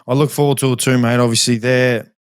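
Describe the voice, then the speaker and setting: A man with an Australian accent co-hosting a casual chat, talkative and animated, acting out little scenes. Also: mid-range voice, quick pace, clean tone, no room sound, studio quality. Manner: chatty, animated storyteller, acts out dialogue. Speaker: podcast co-host and footballer.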